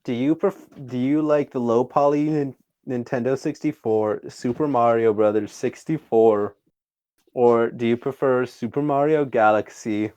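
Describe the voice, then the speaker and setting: A young man hosting a casual podcast, goofy and quick to laugh, putting on an exaggerated persona voice. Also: mid-range voice, a little mellow, clean tone, highs cut off. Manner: giggly, goofy, breaks into laughter often; adopts a deliberately exaggerated persona voice. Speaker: podcast host.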